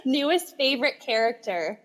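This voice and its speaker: A woman's voice: sits high, big pitch swings, normal speed, fairly bright tone. A woman co-hosting a book podcast, chatting with enthusiasm and frequent giggles. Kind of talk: casual book chat.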